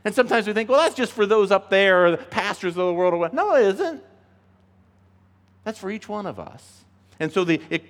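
A man preaching a sermon as a pastor, emphatic and animated, acting out the voices he quotes. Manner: emphatic, acts out quoted voices, rises in pitch when pleading. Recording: long reverb of a large hall.

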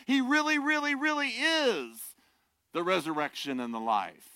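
An older male pastor preaching a sermon with a bright, forceful tone. His delivery swings from impassioned near-shouting to hushed, joking asides. The sound is close and dry. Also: very high voice, a little slow, clear, resonant tone, no room sound.

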